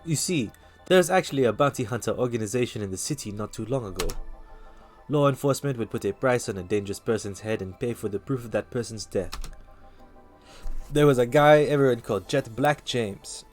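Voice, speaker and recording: A man voicing a worldly bar patron who tells dark stories, in a put-on, vaguely Russian accent with a measured, lowered delivery while reading game dialogue aloud. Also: lightly acted. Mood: storytelling. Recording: faint music behind.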